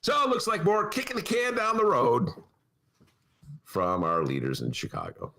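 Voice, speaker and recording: Male studio host, mocking and sarcastic; very animated, sweeping intonation. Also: high voice, normal speed. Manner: sarcastic, mocking, does voices of politicians. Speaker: podcast host. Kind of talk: opinionated political talk. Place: radio studio.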